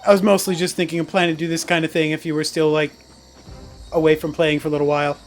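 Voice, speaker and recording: A man's voice: a little high, level tone, fast, faint music behind. A man streaming a game, chatting casually, laughing often and swearing offhandedly. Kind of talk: casual chat while gaming.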